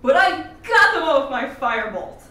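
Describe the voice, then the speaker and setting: A woman's voice: high-pitched, very animated, normal speed, bright, forceful tone. A woman recapping a tabletop game session as a player, playful and giggly, acting out what others said. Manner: giggly, playful storyteller, acts out quotes. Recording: very echoey, distant mic, faint noise.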